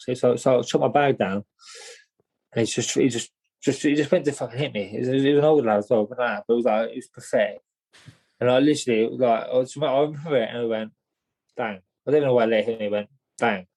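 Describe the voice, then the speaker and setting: A man's voice: mid-range voice, quick pace, mellow, poor audio. A young man, a boxer talking as a podcast guest in casual storytelling, rambling and repeating himself with lots of "mate". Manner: rambling, repeats words, many "mate" and "do you know what I mean".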